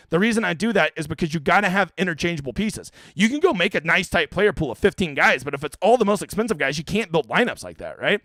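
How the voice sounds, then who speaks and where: Brash fast-talking man streamer. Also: a little high, fairly bright tone, dry recording. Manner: blunt, brash, answers chat questions rapid-fire. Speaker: fantasy golf streamer. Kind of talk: casual livestream Q&A.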